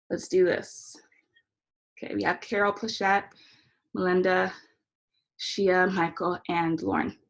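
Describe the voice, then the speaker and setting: A woman's voice: medium pitch, a bit bright. A young adult woman leading an online yoga class, cueing breaths and poses in an encouraging way. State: out of breath at times. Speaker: yoga instructor.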